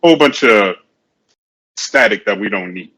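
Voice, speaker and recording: A man's voice: lowish voice, lively intonation, normal speed, pushed and bright, low-quality recording. A man co-hosting a casual sports chat show, rambling and often repeating himself. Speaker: podcast co-host.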